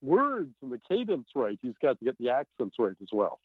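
A novelist being interviewed, talking in an animated, emphatic way with many fillers over a remote line. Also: male voice, medium pitch, brisk, slightly rough, no echo. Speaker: novelist guest. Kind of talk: podcast interview. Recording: tinny phone-like line.

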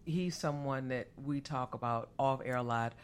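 A woman's voice: rumbling low, normal speed, clear, resonant tone. A woman co-hosting a talk show, speaking loosely and repeating words while she searches for them. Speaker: co-host. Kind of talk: casual talk-show chat.

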